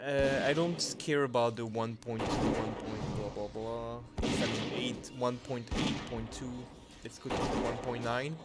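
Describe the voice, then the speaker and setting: A man commenting on his gameplay, reading patch notes aloud in non-native English phrasing and breaking into excited exclamations. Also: medium pitch, measured pace, few pauses. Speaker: channel host. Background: background music.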